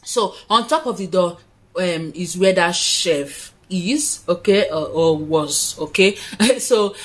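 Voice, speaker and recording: A woman's voice: fairly low pitch, slow, a bit bright. Woman, twenties, vlogger recounting a story in her room while doing makeup, dramatic and chatty. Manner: chatty, dramatic storytelling with frequent asides to viewers. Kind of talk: casual storytime. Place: her own room, indoors.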